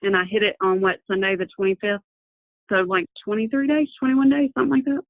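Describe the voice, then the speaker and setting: A woman on a video call, relaxed and thinking aloud as she works out numbers. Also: medium pitch, fast talker, dry recording. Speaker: team member on the call. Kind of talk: casual chat on a video call. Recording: tinny, dry phone-like line.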